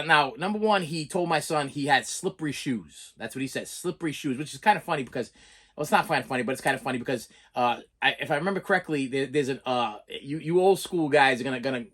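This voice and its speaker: A man's voice: mid-range voice, a bit bright. A middle-aged man who collects movies, telling a long story in a casual, rambling way and often stammering and repeating words.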